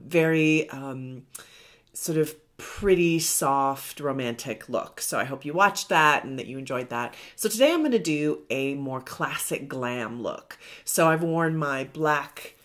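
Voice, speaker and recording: A woman's voice: extremely low pitch, animated, slow pace, fairly bright tone. A middle-aged woman hosting a makeup tutorial, chatting in a rambling, self-deprecating way as she works. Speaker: beauty vlogger.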